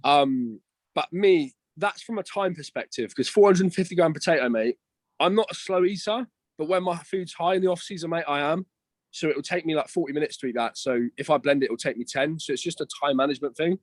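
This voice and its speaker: A man's voice: a little high, fairly quick, no room sound. A young man chatting casually as a podcast guest, slangy and swearing, calling everyone "mate" and "bro".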